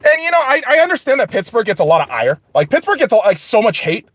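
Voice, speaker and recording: A man hosting a podcast, ranting casually and profanely in an animated, rambling way. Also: very high-pitched, fast talker, no room sound. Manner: animated, rambling, heavy swearing. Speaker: podcast host.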